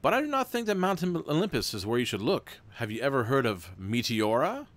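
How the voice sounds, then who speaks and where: A smooth, middle-aged male historian from a gamebook, as a man reads him aloud. His lines come out plain and unaccented, in a mid-pitched voice. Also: big pitch swings, brisk, fairly bright tone. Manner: read out plainly, without an accent.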